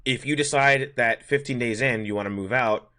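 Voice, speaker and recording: A man's voice: mid-range voice, pushed and bright. A man hosting a podcast, rambling through a work story in casual chat and acting out both sides of the dialogue. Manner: fast, rambling anecdote with acted-out dialogue. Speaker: podcast host.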